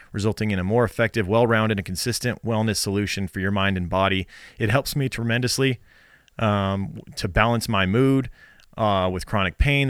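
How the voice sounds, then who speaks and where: A male podcast co-host in casual chat, reading sponsor spots and listener reviews in a relaxed, rambling way with fillers. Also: fairly low pitch, smooth, dry recording, studio quality.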